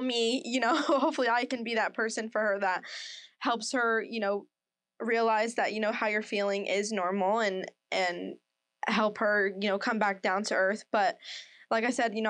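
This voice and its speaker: A woman's voice: medium pitch, a bit bright, dry recording. Chatty woman podcast co-host, dry sound. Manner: rambling, many fillers like "you know"; emotional, laughs often. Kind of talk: casual chat.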